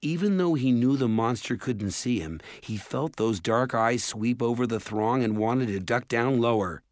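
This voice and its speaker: A man narrating a storybook in a measured, steady way. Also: mid-range voice, dry recording, clean studio sound. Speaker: audiobook narrator. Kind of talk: scripted narration.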